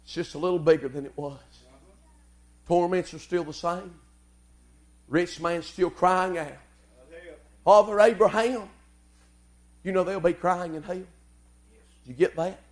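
A man preaching a fiery sermon, shouting in a rhythmic cadence with an "uh" gasp before each phrase. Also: fairly high pitch.

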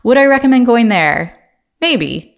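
A woman's voice: on the high side, very animated, a little slow, vocal fry. A woman in her thirties from Ohio with an American accent, hosting a casual solo podcast in a chatty, filler-heavy way with frequent laughs. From Ohio, USA. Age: 30s. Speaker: podcast host.

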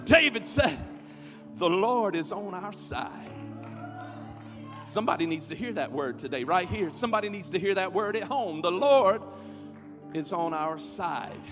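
A man preaching a sermon as pastor, calling on the crowd to respond and swelling to shouts. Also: high voice, animated, moderate pace. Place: large church auditorium. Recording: long hall reverb with music behind.

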